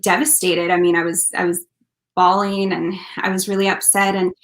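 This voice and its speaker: A woman's voice: fairly low pitch, level tone, normal speed. A woman, a country singer, telling her story earnestly in a casual interview, with lots of fillers. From Canada. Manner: earnest, heartfelt, many fillers.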